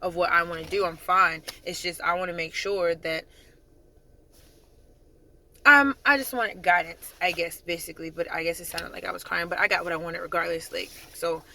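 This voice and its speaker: A young adult drill sergeant retells events in a loose, talkative vlog style, full of "like" and quick asides. The voice sits at a middle pitch with a bright, forceful edge. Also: gravelly, slight background noise. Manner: chatty, animated retelling with frequent "like". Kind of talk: casual storytelling vlog.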